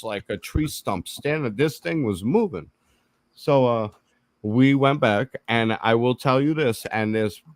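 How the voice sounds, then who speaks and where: A man's voice: medium pitch, no echo. A man telling a story in casual chat, swearing freely and acting out the quotes. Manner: profane, animated, acts out quotes. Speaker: podcast co-host.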